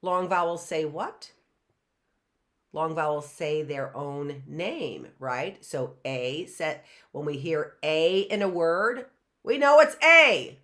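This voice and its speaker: A woman's voice: sits low, a bit bright. A woman teaching a live phonics lesson, sounding out letters and answering her own questions, often asking "right?". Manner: asks the class and answers herself, sounding out letters; drawn-out, repeated sounds and frequent "right?".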